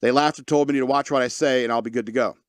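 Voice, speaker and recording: A man hosts a casual talk radio show, reading stories aloud and breaking off for sarcastic asides. His voice sits at a middling pitch. The sound is dry and close to the mic, with no room around it. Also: fairly even intonation, fast talker, dry recording. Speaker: podcast host reading news.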